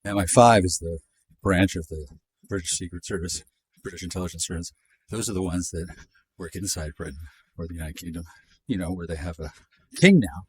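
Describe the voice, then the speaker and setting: Deep-voiced profane rambling man. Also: fairly even intonation, a little fast, pauses often, no room sound. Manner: profane, jumpy, sardonic, pitch jumps up and down. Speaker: vlogger. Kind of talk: rambling monologue while walking. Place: outdoors in a neighborhood.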